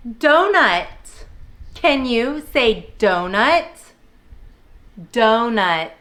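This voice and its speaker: A woman's voice: on the high side, sing-song, very slow, a bit bright. A young woman teaching preschoolers, prompting little kids in a cheerful sing-song way. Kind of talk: children's lesson video.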